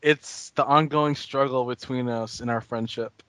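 A man's voice: medium pitch, steady tone, unhurried, a bit bright, smooth, no echo. An American man co-hosting a podcast, chatting casually with hesitant, repeated starts and amused laughs. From United States. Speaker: podcast co-host. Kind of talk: casual chat.

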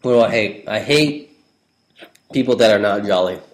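A man's voice: lowish voice, normal speed, echoey room, poor audio. Rambling enthusiastic podcast host, man. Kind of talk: casual banter.

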